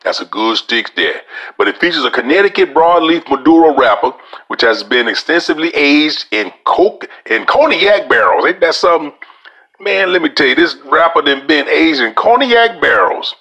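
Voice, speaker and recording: A man's voice: fairly high pitch, very animated, normal speed, pushed and bright. A man hosting a podcast, casually reviewing a cigar in a folksy, drawling way. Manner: folksy, drawling, addresses listeners as y'all. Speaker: podcast host.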